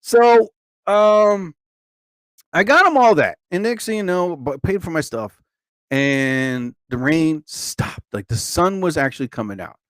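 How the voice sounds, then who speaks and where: Male host, casual rambler, bouncy, animated delivery with sudden high exclamations. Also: unhurried, smooth, no echo. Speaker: host of a live show and podcast.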